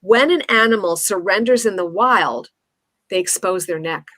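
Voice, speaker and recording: A woman's voice: mid-range voice, normal speed, a bit bright, dry recording. A woman giving confident, instructive advice on speaking as an interview guest. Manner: confident, instructive, demonstrates intonation. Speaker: communication coach, guest.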